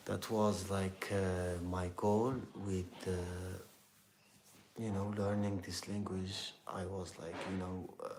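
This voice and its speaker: A young man from Algeria with an Algerian accent, chatting casually with live viewers and often pausing to search for his words. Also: lowish voice, vocal fry, darkish tone, a little hiss or hum. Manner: halting, searching for words, heavy use of "like" and "you know". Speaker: live streamer answering chat.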